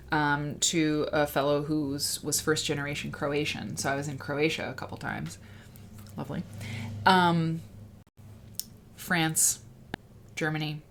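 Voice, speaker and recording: A woman hosting a casual livestream, rambling and excitable as she chats and reads out viewer comments. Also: low voice, slight background noise. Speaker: livestream host.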